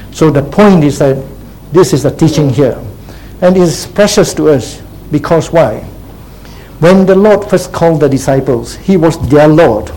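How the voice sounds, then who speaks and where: A man's voice: on the high side, mellow, slight background noise, low-quality recording. A man preaching a sermon as pastor, teacherly, repeating key phrases and checking in with "See?" and "Huh?".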